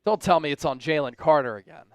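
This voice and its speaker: Excitable high-voiced male livestream host. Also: fast, smooth, dry recording, soft background music. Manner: excitable, shouts at big plays; chats directly with viewers. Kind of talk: live watch-along commentary.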